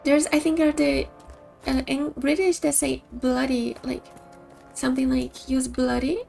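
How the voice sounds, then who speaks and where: High-voiced chatty woman streamer. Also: level tone, unhurried, vocal fry, a little mellow, soft background music. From Brazil. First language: Portuguese. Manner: chatty, upbeat, giggly. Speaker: game streamer. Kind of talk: casual stream chat with game commentary.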